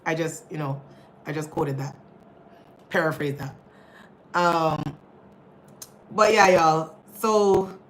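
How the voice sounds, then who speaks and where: A woman's voice: mid-range voice, a bit bright, low-quality recording. A young woman hosting a casual livestream, chatting with viewers and reading their comments, laughing often and calling her audience y'all. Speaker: livestream host.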